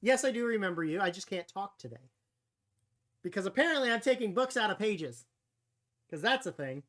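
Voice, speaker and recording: A woman live-streaming a game, chatting casually with frequent laughs and quick exclamations. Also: medium pitch, animated. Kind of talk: casual live-stream chat over gameplay.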